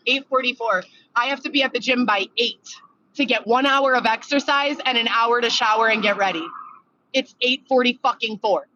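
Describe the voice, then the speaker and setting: A woman's voice: fairly high pitch, normal speed, bright, forceful tone. A woman venting in a monologue video, agitated and profane, reeling off complaints one after another. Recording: dull lo-fi clip audio.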